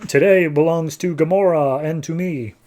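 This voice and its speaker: A man's voice: a little high, moderate pace, mellow, lightly acted. A man playing an arrogant dictator villain while casually retelling a comic. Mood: boastful. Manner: boastful, casual paraphrase. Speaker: podcast host.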